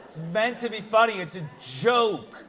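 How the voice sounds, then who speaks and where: A man opening a dental convention with a comic speech to a live audience, loud and punchy, reeling off jokey lists and laughing often. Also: sits high, unhurried, a crowd in the background. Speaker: conference host and keynote speaker. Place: large convention hall.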